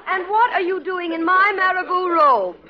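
An actress playing a glamorous, theatrical stage star who gushes at everyone in a sitcom. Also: female voice, very high voice, moderate pace, muffled recording, over a noisy crowd. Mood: grand. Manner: gushing, theatrical, calls people darlings. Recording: old TV soundtrack with faint audience.

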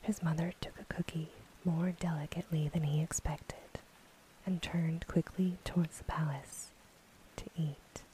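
A woman whispering a calm, steady storybook narration in a whispered role-play. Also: low-pitched, unhurried, slight background noise, rough recording.

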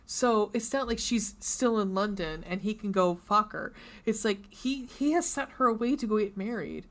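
A woman's voice: mid-range voice, normal speed. Chatty swearing woman gushing over books. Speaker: podcast co-host. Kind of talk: casual chat about books.

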